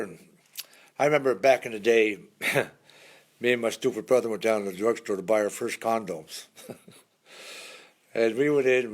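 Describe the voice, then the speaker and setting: A man telling jokes in a casual folksy way on a live stream, often laughing at his own punchlines. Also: mid-range voice.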